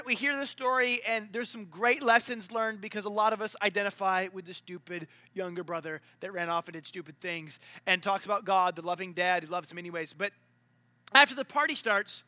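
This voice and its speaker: A man preaching a sermon in a relaxed, conversational way, full of asides and filler words. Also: high voice, dry recording. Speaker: pastor. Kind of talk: casual sermon storytelling.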